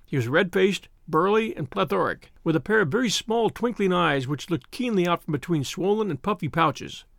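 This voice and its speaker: Guy reading a detective story out loud, gravelly, lots of ups and downs, dry close mic. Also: sits high, lively intonation, moderate pace, no room sound. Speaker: audiobook narrator.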